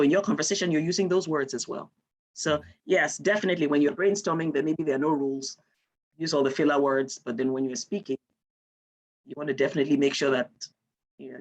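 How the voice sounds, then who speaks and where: A woman's voice: sits low, breathy edge. A woman from Nigeria, giving an online lecture and explaining with example sentences.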